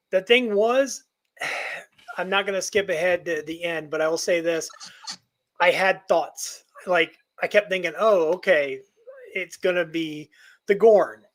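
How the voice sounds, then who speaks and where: Guest dude on a podcast, kinda high voice, rambly and goofy. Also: male voice, a bit bright. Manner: playful, rambling, self-deprecating. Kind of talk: casual podcast chat.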